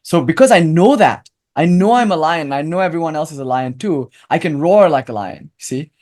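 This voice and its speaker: A man, a philosopher guest in an interview, telling a parable in an earnest, animated way and speaking with firm conviction. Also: on the high side, a little fast. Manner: convinced, emphatic. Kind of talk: storytelling interview talk.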